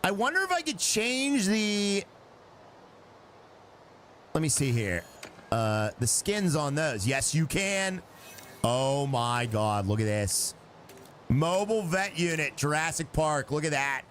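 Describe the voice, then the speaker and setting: A man doing live gameplay commentary, excitable and chatty, reacting out loud and talking to his chat as he plays. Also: on the high side, takes it slowly, long pauses, a little hiss or hum. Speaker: live streamer.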